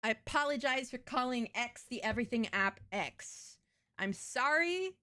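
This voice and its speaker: A woman's voice: on the high side, moderate pace, sharp tone. Crude, blunt young woman streamer. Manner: crude, blunt, self-mocking. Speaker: VTuber streamer. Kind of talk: casual live-stream chat.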